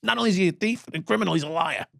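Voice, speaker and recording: New guy in his 60s swearing his way through old stories, gravelly, sits a bit high. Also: very fast, dry recording, studio quality. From United States. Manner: profane, animated, bursts into shouting. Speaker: interview guest. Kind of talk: storytelling interview.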